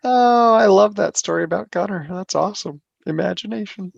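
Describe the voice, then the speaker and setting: A man's voice: high voice, fairly quick, gravelly, no echo, muffled recording. A man co-hosting a podcast in casual chat, upbeat and laughing often, seeking agreement. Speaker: podcast co-host.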